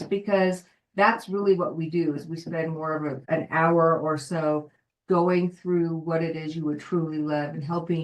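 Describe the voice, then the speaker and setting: A woman's voice: sits low, poor audio. A woman life coach on a live video call, cheering on participants by name and reading a passage aloud. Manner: encouraging, addresses listeners by name.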